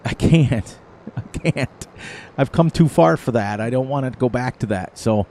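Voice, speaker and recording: A man's voice: medium pitch, animated, measured pace, mellow, a little hiss or hum. A middle-aged man hosting a gaming channel, chatting casually over gameplay and telling rambling stories with frequent laughter.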